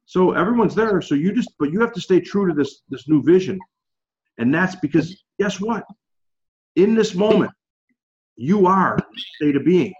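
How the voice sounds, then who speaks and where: A man's voice: high voice, lively intonation, normal speed, long pauses, lo-fi sound. Chatty encouraging male group coach. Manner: chatty, encouraging, heavy on fillers. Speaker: group coach leading a call. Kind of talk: casual group coaching talk.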